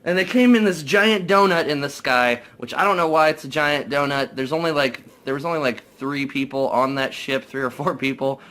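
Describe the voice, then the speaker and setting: Bright-voiced young guy rambling a recap. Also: mid-range voice, moderate pace, few pauses. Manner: profane, excitable, many fillers. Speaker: movie reviewer. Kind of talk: casual rambling movie recap.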